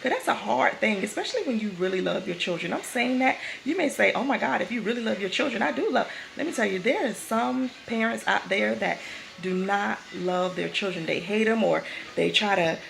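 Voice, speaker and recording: A woman's voice: mid-range voice, expressive, moderate pace, vocal fry, fairly bright tone, a little hiss or hum, low-quality recording. A woman giving a casual spoken devotional, talking in a conversational way that repeats and restarts phrases. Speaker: vlogger giving a faith talk.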